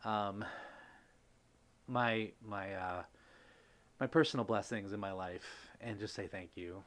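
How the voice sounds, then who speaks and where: A man's voice: lowish voice, fairly even intonation, slow, fairly bright tone. A man hosting a live stream, speaking in a heartfelt, rambling way with many fillers, greeting viewers and reading chat messages aloud. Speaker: livestream host.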